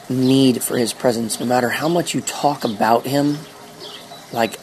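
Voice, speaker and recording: A middle-aged man talking earnestly about his faith and family, reflective, with halting restarts. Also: on the low side, noisy background. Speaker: father sharing a spiritual journal. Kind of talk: personal faith diary monologue.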